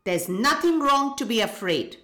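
A woman's voice: fairly high pitch, very animated, moderate pace, fairly bright tone, pitched above the performer's own voice. A woman voicing a caring, protective older sister turtle in a storybook reading, recorded in an echoey room. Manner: firm, reassuring.

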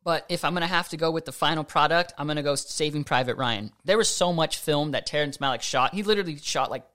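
A man in his thirties co-hosting a casual movie podcast, energetic and slangy, cracking jokes. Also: fairly high pitch, fast talker. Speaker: podcast co-host. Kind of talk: casual chat.

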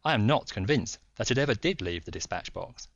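A man voicing a calm, shrewd detective who speaks deliberately. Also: lowish voice, no room sound, voice pushed down. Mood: probing. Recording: dull dry recording.

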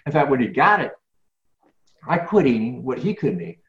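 A middle-aged man answers interview questions in an emphatic, repetitive way, restarting phrases as he builds a point. His voice sits at an ordinary pitch. The sound is muffled and lo-fi, with a noticeable echo of the room. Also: very animated, normal speed. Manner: emphatic, many restarts and repeats. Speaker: guest speaker. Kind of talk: conversational interview. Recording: echoey, dull lo-fi sound.

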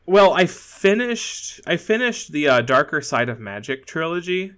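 A man co-hosting a podcast in casual chat, talking with lots of fillers and restarts and quick laughs. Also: on the high side, sing-song, fairly bright tone. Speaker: podcast co-host.

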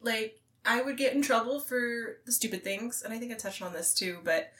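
A woman's voice: on the high side, normal speed, a bit bright. Chatty woman co-hosting a podcast. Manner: chatty, storytelling, laughs often. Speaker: podcast co-host. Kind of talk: casual chat.

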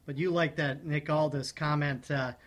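A man with a fairly high-pitched voice, moving at a moderate pace, co-hosts a casual wrestling podcast. He's relaxed, offers strong opinions, and keeps restarting what he's saying.

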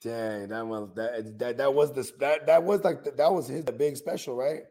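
A man in easygoing podcast talk, speaking at a middle pitch. He rambles through his stories in loose slang, restarting phrases and checking in with his listener. Nothing about his voice stands out beyond that casual flow. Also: moderate pace, dark tone. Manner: rambling, slangy, keeps saying 'you know what I mean'. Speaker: podcast co-host. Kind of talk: casual chat.

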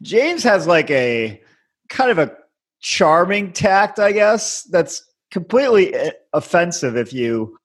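A man's voice: high-pitched, big pitch swings, takes it slowly, breathy edge. A man co-hosting a casual podcast, recapping episodes in a hesitant, easygoing way. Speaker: podcast co-host.

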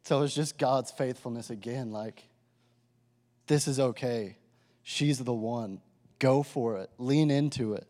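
A young man sharing a personal testimony with a live audience, in a casual, animated way full of filler words. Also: medium pitch, unhurried. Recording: reverberant hall.

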